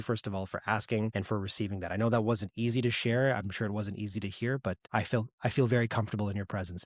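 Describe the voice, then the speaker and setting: A man's voice: lowish voice, no echo, clean studio sound. A man in his thirties, a podcast guest, telling a painful personal story in an earnest, reflective way. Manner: earnest, reflective, gets choked up at moments.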